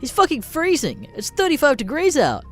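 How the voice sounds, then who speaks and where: A man voicing an angry, fed-up American reenactor who shouts and curses. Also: very high-pitched, wildly swooping pitch, moderate pace, faint music behind, voice pushed up, heavily acted. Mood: annoyed. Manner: shouting, cursing.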